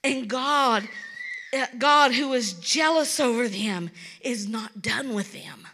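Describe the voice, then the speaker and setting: A woman's voice: fairly high pitch, slow pace, sharp tone. A woman from Kentucky with a Kentucky accent, preaching an earnest, pleading sermon and repeating words for emphasis.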